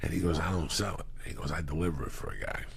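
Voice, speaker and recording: With a very deep, gravelly voice, this middle-aged New Jersey man races through profane, animated stories as a guest, voicing the people he quotes. It's casual storytelling, and a faint hiss or hum runs underneath.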